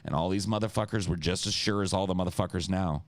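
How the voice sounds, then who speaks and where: Man, very low voice, dry close sound, profane political rant, podcast. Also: quick pace, no room sound. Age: adult (an incumbent lost twice in his lifetime). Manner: profane, animated, mocks others with impressions. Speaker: podcast co-host.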